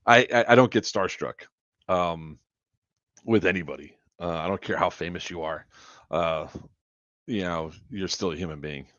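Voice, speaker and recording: A man's voice: sits low, moderate pace, long pauses, fairly bright tone, dry recording. A man hosting a charity livestream, telling casual, profane, rambling stories with frequent laughs. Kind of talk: casual anecdote storytelling. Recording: dull lo-fi stream audio.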